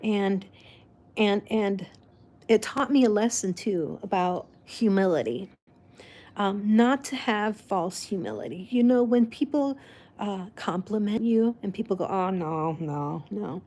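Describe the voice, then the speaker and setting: A woman whose first language is Spanish, talking in a casual, meandering chat. She speaks slowly, circles back on her own words, and breaks into laughter now and then. Her pitch sits in an ordinary middle range. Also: animated, dark tone. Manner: rambling, restarts often, laughs. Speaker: vlog host.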